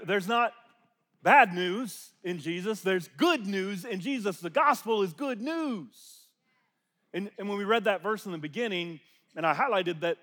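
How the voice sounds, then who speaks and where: A man preaching a sermon in church. He moves between loud proclaiming and hushed, almost whispered lines, repeats phrases, and leads the congregation in call-and-response. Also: high voice, big-room sound.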